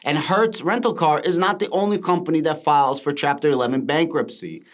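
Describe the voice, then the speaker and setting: Emphatic man with a raised pitch. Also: fairly quick. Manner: emphatic, repeats words for stress. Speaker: crypto finance YouTuber. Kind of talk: casual commentary to camera.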